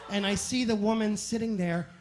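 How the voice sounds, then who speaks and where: A man telling animated, self-mocking stories as a stand-up comedian on a club stage. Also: high voice, a little hiss or hum. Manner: animated, self-mocking anecdotes with quick asides. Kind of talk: stand-up storytelling.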